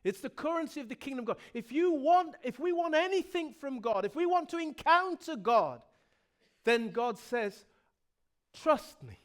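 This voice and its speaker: A man, the pastor of a church, preaching a sermon with passion, moving from loud emphasis to soft pleading and often repeating himself. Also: very high-pitched, animated, a little fast, few pauses. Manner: repeats words and restarts phrases.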